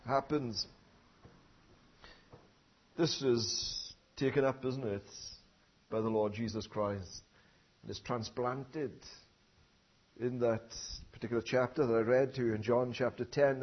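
A man preaching a sermon, often tagging his points with questions and building up to loud emphatic phrases. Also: mid-range voice, measured pace, long pauses, lo-fi sound. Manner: rhetorical tag questions, swelling emphasis.

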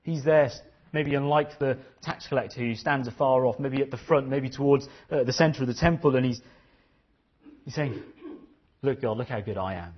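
A man's voice: medium pitch, fairly even intonation, moderate pace, highs cut off. A man preaching a sermon, earnest and questioning, often repeating his phrases.

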